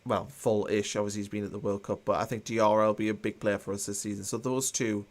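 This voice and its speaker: A man's voice: on the low side, level tone, fast. A man hosting a live football watchalong, chatting casually and reading out viewer comments with a dry, mildly sarcastic tone. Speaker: watchalong host.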